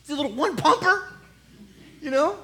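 A preacher telling a Bible story in an animated, conversational, jokey way. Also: high voice, normal speed. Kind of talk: comic sermon storytelling.

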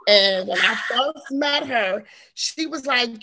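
A woman in her forties, an author guest telling her story in casual interview chat, animated and quick to laugh. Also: fairly high pitch, noisy background. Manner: animated storyteller, laughs often, acts out quotes.

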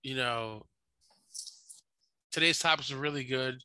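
Male podcast co-host, bright and forceful tone, joking and playful. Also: mid-range voice, unhurried, clean tone, no echo, poor audio. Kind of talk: casual sports chat.

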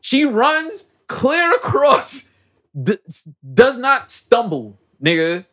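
Lively, slangy male podcast host. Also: very high voice, slow. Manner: animated, slangy storytelling. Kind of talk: casual movie recap.

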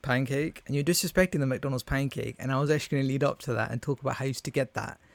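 A young man co-hosting a casual podcast, laid-back and deadpan as he makes his points. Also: medium pitch, rapid-fire, vocal fry, no room sound. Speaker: podcast co-host. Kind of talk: casual chat with friends.

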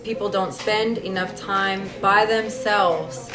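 A woman's voice: medium pitch, slow, music in the background. Emphatic woman in an echoey room. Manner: emphatic, swears, laughs easily. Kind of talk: casual chat.

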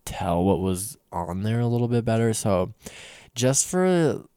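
A young man hosting a podcast, telling a casual story in an excitable way, laughing often and bursting into loud emphasis. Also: on the low side, a little slow, smooth, no room sound, studio quality. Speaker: podcast host.

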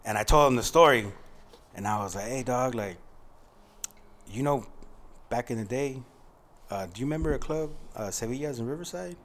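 A man's voice: medium pitch, lively intonation, moderate pace, fairly bright tone. A man, co-hosting a podcast and telling a story in a laid-back, slangy way. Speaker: podcast co-host. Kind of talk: casual storytelling.

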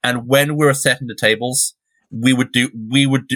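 A man's voice: mid-range voice, a little fast, fairly bright tone. A young English man co-hosting a podcast, rambling through digressions and swearing freely. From England. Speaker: podcast co-host. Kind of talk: casual chat.

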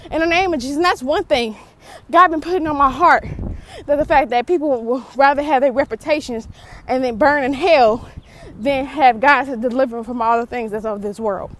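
Still winded from exercising, a woman delivers informal preaching and prayer to her viewers, fervently rebuking over and over in slangy language. She speaks a little fast in a high register, and the audio quality is poor.

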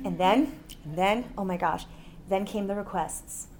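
A woman from Miami gives a Christian seminar talk, telling a personal story in an animated way and laughing along the way. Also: mid-range voice, measured pace, pauses often. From Miami, United States. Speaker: seminar speaker. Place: conference seminar room.

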